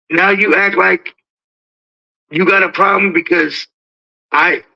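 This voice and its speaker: A man with a high-pitched, gravelly voice talks in a loose, rambling way, repeating words as he restarts his thoughts. His tone is strikingly bright and cutting. The audio sounds muffled and lo-fi. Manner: repetitive, restarts, acts out quoted exchanges. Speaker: dog breeder. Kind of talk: casual talk. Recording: dull lo-fi audio.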